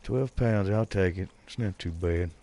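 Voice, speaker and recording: A man's voice: low voice, measured pace, dark tone. A man streaming a game and chatting casually with his viewers, bantering with them by name. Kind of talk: casual live gameplay commentary.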